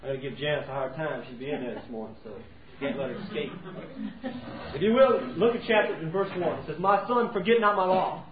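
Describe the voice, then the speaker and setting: Male preacher, high voice, folksy sermon, echoey church recording. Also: a little fast, crowd noise. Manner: folksy, acting out everyday scenes. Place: church sanctuary. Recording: tinny, roomy, from far off.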